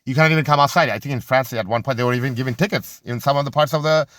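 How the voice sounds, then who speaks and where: A man's voice: medium pitch, fairly bright tone, no echo, clean studio sound. A man giving an unscripted, impassioned monologue about religion and society, often stopping to search for words and restarting his sentences. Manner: halting, searches for words, many restarts and fillers; impassioned, argumentative.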